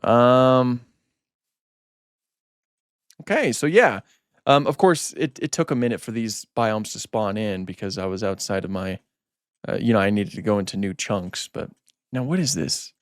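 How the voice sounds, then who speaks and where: A man's voice: fairly low pitch, unhurried, long pauses, smooth, no echo, studio quality. A man hosting a gaming channel, chatting casually as he plays and repeating himself when startled. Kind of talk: casual let's-play commentary.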